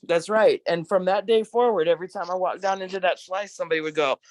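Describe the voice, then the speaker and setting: Former corrections nurse, male, tells it with punch and laughter; higher voice, dry close sound. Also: fast, no echo. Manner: emphatic, animated, laughs often. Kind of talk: casual storytelling in a discussion.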